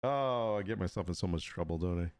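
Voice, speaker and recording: A man hosting a casual live stream, joking and laughing often and slipping into playful mock sales pitches. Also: expressive, brisk, a little mellow, no echo. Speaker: livestream host and digital artist.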